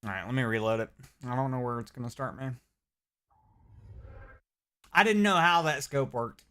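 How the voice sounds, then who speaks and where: A young man streaming a game live, chatting casually and reacting with sudden loud outbursts. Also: mid-range voice, moderate pace, clear, resonant tone. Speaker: gaming streamer. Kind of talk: live gameplay commentary.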